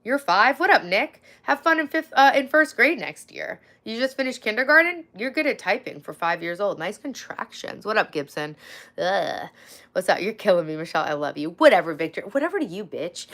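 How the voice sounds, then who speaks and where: A woman in her forties hosting a long casual livestream, chatty and sarcastic, reading out viewer comments, a little hoarse from talking for hours. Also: mid-range voice, big pitch swings, brisk, fairly bright tone. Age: 40s. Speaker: livestream host.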